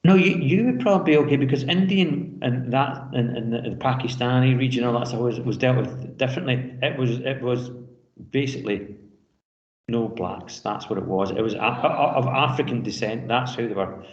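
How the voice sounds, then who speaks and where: A man's voice: medium pitch, normal speed. Male teacher in a roomy classroom. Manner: hesitant, repeats words while explaining. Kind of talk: classroom discussion. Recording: roomy classroom sound, dull lo-fi.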